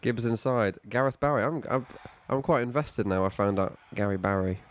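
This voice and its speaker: A young man calling a football match for laughs, reeling off play-by-play between jokes. His voice sits at an ordinary middle pitch, and his commentary runs on steadily even while his friends chat over him. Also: normal speed, slight background noise. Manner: running play-by-play, easily amused. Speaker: podcast host, football commentator. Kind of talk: comic mock football commentary.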